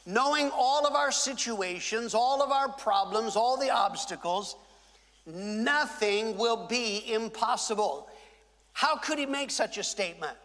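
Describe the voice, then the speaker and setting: High bright-voiced preacher in a hall. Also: male voice, expressive. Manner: preaching with dramatic pauses and acted-out quotes. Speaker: pastor. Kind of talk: sermon. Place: large church hall. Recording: reverberant church hall.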